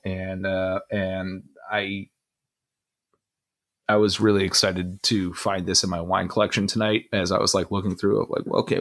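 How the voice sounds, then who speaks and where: Low-voiced man chatting casually on a podcast. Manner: relaxed, rambling, lots of fillers. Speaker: podcast co-host. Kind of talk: casual chat.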